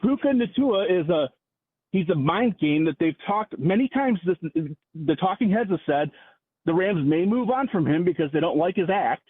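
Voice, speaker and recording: A man's voice: high voice, expressive, moderate pace, breathy edge, dry recording. Ranting male caller on a tinny phone line. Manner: sarcastic, ranting. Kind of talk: sports radio call-in.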